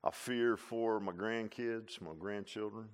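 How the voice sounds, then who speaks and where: An older man preaching a sermon in a folksy, animated way, dropping from quiet asides to loud exclamations and tossing in "huh?" and "man.". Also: lowish voice, a little slow, smooth. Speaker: pastor.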